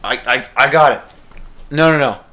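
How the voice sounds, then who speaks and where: A man with a Canadian accent in casual podcast chat, excitable and rambling, breaking into loud laughter. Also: mid-range voice, moderate pace. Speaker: podcast guest.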